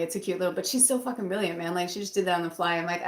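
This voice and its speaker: A woman's voice: on the low side, fast. A woman tarot reader chatting casually from her bedroom, rambling with fillers and restarts. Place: bedroom at home. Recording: roomy echo.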